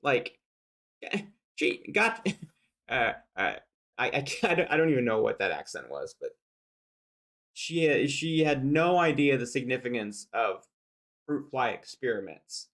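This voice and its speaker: A man hosts a livestream and reacts out loud in a relaxed, meandering way. His voice sits at an ordinary middle pitch, and he pads his thoughts with fillers. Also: a little slow, pauses often. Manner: conversational, many fillers and asides. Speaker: livestream host reacting to a debate video. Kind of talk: casual commentary.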